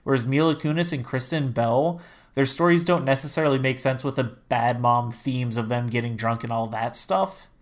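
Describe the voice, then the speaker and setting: A man's voice: medium pitch, fairly even intonation, moderate pace. Chatty laughing man on a podcast. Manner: chatty, laughs often, many likes. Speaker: podcast co-host. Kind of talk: casual podcast chat.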